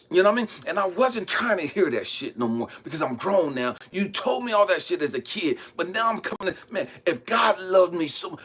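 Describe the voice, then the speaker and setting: A man's voice: a little high, breathy edge. Raw, profane middle-aged man preaching. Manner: raw and profane, swings from shouting to hushed. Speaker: spiritual channel host. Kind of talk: impassioned spoken monologue.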